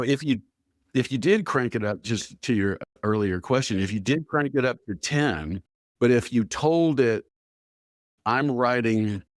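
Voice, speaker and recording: Low-voiced man telling lively stories. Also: no echo, clean studio sound. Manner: animated storyteller who acts out quoted dialogue, with filler "blah, blah". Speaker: guest, AI strategy expert. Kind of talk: conversational podcast interview.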